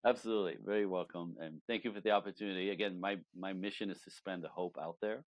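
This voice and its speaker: Male relationship coach, podcast guest; low voice, emphatic, lively delivery. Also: fast talker. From Canada. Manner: animated, emphatic, acts out quoted voices. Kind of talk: conversational interview.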